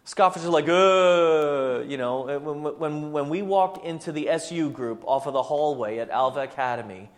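A man preaching a sermon as pastor, animated and acting out the voices of the people he quotes. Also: on the high side, normal speed, hardly any pauses. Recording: long hall reverb.

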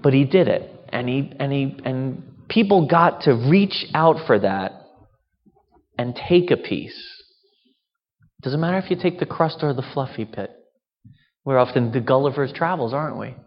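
Pastor preaching in a reverberant hall. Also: male voice, mid-range voice, lively intonation, unhurried. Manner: conversational, asks rhetorical questions. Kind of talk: sermon at communion. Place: church. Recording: dull reverberant hall sound.

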